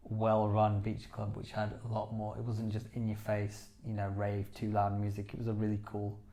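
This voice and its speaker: A man's voice: fairly low pitch, completely flat delivery, moderate pace, gravelly, mellow. A man co-hosting a podcast, chatting casually and enthusiastically with lots of "you know"s. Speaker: podcast co-host. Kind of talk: casual chat.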